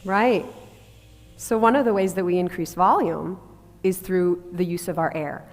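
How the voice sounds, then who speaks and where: A woman's voice: fairly low pitch, unhurried, long reverb tail, soft background music. A woman voice coach teaching a workshop group about breathing, demonstrating sounds and asking the group to try them. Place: large hall with a live group.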